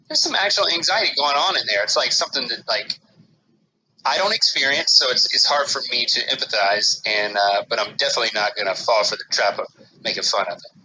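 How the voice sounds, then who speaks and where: A man co-hosting a podcast, telling a rambling casual story and loudly acting out his own panicked remarks. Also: medium pitch, a little hiss or hum, poor audio. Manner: rambling with many restarts and "like". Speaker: podcast co-host.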